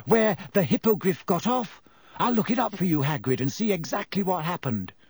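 A man voicing a bookish, earnest schoolgirl, pitched well above his own voice. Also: very animated, normal speed, a little mellow, slightly rough, no echo, clean studio sound, exaggerated voice. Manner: earnest, eager to help.

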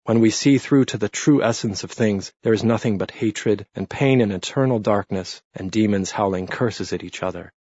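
A horrified young man's inner thoughts come quietly and inwardly, as a male narrator voices them. The voice is low and subdued. It is a dry, dull, lo-fi audiobook recording. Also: normal speed, hardly any pauses, breathy edge, dry recording. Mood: shaken inward.

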